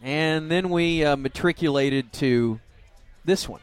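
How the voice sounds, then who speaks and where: A man's voice: fairly high pitch, slow, clear, resonant tone, faint music behind. A man hosting a radio talk show, chatting casually and laughing often as he tells a story. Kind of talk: casual chat.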